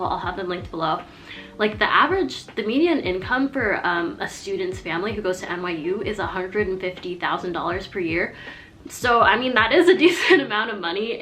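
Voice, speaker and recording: In a medium-pitched, slightly bright voice, a young woman in college offers advice on a laid-back vlog. She rambles in a chatty way and leans heavily on "like".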